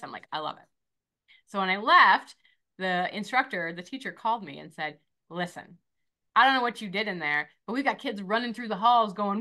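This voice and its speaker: Bright, bubbly woman guest. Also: medium pitch, a little fast. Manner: bubbly, animated, acts out quoted voices. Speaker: podcast guest, esthetician and motivational coach. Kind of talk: energetic interview talk.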